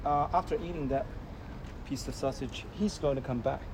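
A man's voice: mid-range voice, moderate pace. A man, a father, chatting casually with his child in a patient, coaxing and reassuring way. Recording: loud background noise.

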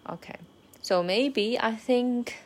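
A woman's voice: a little high, takes it slowly. A woman whose first language is Mandarin Chinese, keeping a casual spoken diary of her language study, hesitant with many fillers, sounding out practice phrases carefully.

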